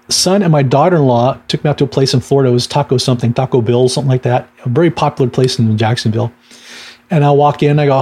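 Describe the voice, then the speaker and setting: A man's voice: mid-range voice, a little mellow, breathy edge. A middle-aged man, a minister giving a casual teaching talk, telling stories with fillers and little laughs. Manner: conversational storytelling with laughs and fillers.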